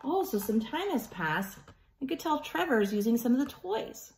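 Animated woman reading to children. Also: on the high side, moderate pace, slight background noise. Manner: animated, asks children questions. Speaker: teacher reading aloud. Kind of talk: children's story time.

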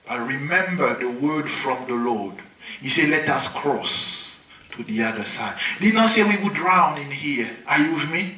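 A male pastor preaching at a healing crusade, swinging between loud, high exclamations and soft, low murmurs. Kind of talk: sermon. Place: large hall at a healing crusade. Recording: echoey hall, mic at a distance.

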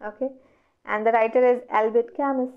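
Woman teacher with an Indian accent, somewhat high. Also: fairly even intonation, fairly quick. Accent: Indian English. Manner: explains step by step, asks herself questions and answers them. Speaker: exam prep teacher. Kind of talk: online lecture going through exam questions. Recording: dull lo-fi audio.

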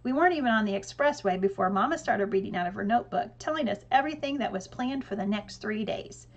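A woman narrating an audiobook in a lively storytelling way with dry humor. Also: medium pitch, fast.

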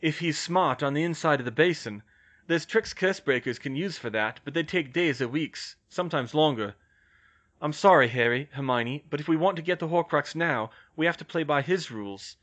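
A man voicing a steady adult curse breaker who explains things calmly and protectively in an audiobook. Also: a little high, normal speed, voice pushed up. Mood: reasoning. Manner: level-headed, explaining. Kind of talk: audiobook character voice.

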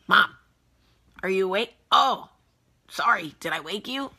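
A woman's voice: medium pitch, animated, unhurried, creaky, pushed and bright, husky, exaggerated voice. A woman voicing her male pet dog as a polite, apologetic fellow who keeps checking whether she is awake. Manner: sweet, apologetic, fussing.

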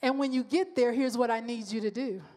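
A woman preaching a sermon, mixing personal testimony with slow, emphatic repetition. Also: on the high side, fairly even intonation, darkish tone. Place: church sanctuary. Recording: long hall reverb.

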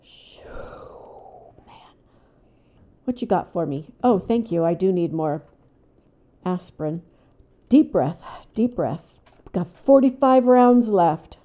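An older woman hosting a gaming channel, talking herself through a tense game in casual commentary, dropping to hushed whispers and then bursting out loud. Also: on the low side, expressive, slow pace, long pauses, dull audio. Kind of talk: casual let's-play commentary.

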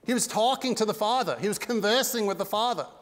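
A man's voice: sits high, fast talker, long reverb tail. A male pastor preaching a sermon in an earnest, conversational way, mixing casual asides into his teaching. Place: church sanctuary.

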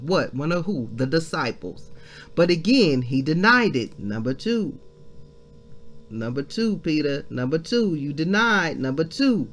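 Animated woman reading scripture, faint music. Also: low-pitched, a little slow. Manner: exclaiming, addresses listeners as family. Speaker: devotional leader. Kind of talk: Bible reading with lively commentary.

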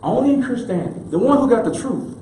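A man's voice: very high voice, lively intonation, quick pace, mellow. A man preaching a sermon as minister, emphatic and colloquial, repeating key phrases for effect. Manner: casual colloquial delivery. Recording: echoey room with faint background noise.

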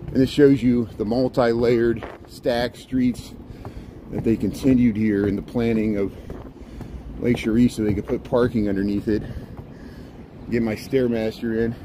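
A man's voice: medium pitch, fairly even intonation, unhurried. A man live-streaming a city walk, chatting casually to viewers and greeting them by name, a little out of breath from walking and talking. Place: outdoors on city streets and park paths. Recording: wind noise on the mic outdoors. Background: traffic and wind.

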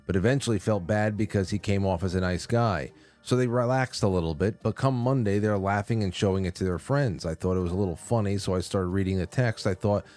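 A man's voice: on the low side, a little mellow. A man hosting a call-in radio show, chatting casually, reading out phone numbers and reacting to callers. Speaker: radio talk show host. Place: radio studio.

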